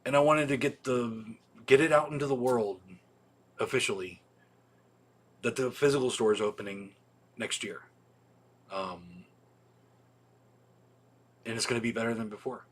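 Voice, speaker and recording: A man chats casually on a livestream. He rambles and restarts, swears often, and fills his pauses with ums. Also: medium pitch. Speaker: video store owner hosting a weekly livestream.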